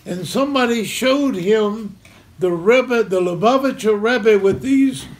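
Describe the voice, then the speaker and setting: A man's voice: high-pitched, a little slow, slight background noise. An older man tells a personal story to a live audience, chuckling and acting out the scenes. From Memphis, Tennessee, US. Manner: animated, chuckling storyteller who acts out scenes. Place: community center talk in front of an audience.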